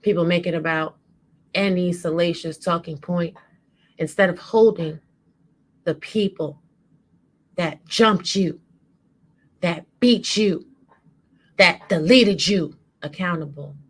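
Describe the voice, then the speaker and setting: Woman, impassioned monologue, slow deliberate pace, lowish voice, rhythmic build. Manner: rhythmic, building emotional delivery. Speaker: guest co-host.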